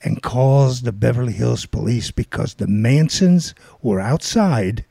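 An older man telling a long anecdote casually, rambling and animated, acting out the people he quotes. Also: mid-range voice, a little slow, vocal fry, no echo. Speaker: guest storyteller.

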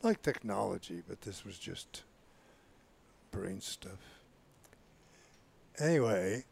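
A man co-hosting a casual talk show. He is laid-back and chimes in with quick agreement. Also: low-pitched, expressive, creaky, a little mellow, husky. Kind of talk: casual chat.

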